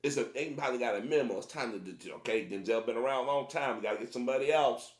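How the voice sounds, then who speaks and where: A man's voice: medium pitch, quick pace. A man giving casual commentary to his viewers, emphatic and repetitive, often restarting his sentences. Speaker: commentary vlogger. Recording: roomy echo.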